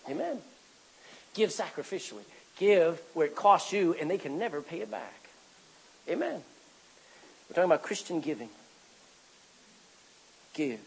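A man's voice: high-pitched, darkish tone, breathy edge, poor audio. A man preaching a sermon as pastor, reading scripture aloud and calling out for amens from the congregation.

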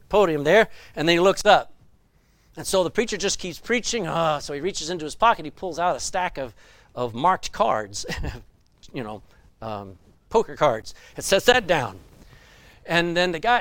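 High-voiced older preacher, dry sound. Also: male voice, dry recording. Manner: storytelling preacher with sudden loud bursts. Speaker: pastor. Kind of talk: sermon.

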